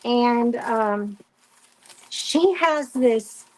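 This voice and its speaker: A woman's voice: a little high, drawn-out words. A woman hosting a crafting live stream, chatting casually and telling stories while she works. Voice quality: chatty storyteller, animated retelling with quoted voices.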